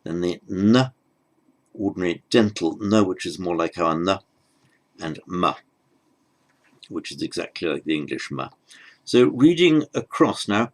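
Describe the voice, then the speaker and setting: Man, teacher, low voice, slow pace, patient, demonstrates and repeats sounds. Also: animated, poor audio. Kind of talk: pronunciation lesson.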